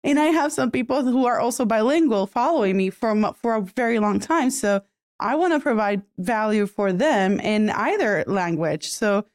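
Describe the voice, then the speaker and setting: A woman from Puerto Rico talking casually as a podcast guest, chatty and quick to laugh. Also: fairly high pitch, animated, darkish tone, no echo, clean studio sound. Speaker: podcast guest, bilingual content creator. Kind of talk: casual interview chat.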